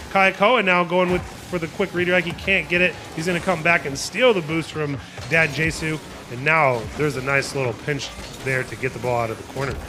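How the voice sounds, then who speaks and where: This tournament host does live play-by-play for an esports stream, joking with chat and building hype playfully. His voice is high-pitched, with background noise behind it.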